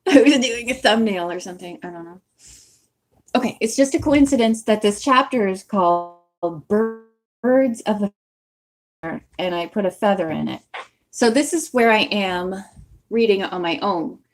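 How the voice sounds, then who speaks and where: A woman hosting a book-reading channel, chatting casually and rambling to her viewers and laughing at herself. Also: medium pitch. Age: young adult or older, has owned a bookmark since the nineties. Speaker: channel host who reads books aloud.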